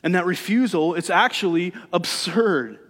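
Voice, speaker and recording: A man preaching a sermon, with a voice that sits a little high for a man. He keeps it conversational and leans on rhetorical questions. The sound carries a long hall reverb. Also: moderate pace, a bit bright. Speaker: pastor.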